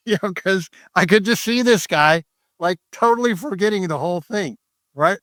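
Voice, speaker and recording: A man's voice: high voice, moderate pace, a bit bright, no echo, studio quality. An older man, a trader guest, telling a story in a casual, rambling way with many restarts and fillers.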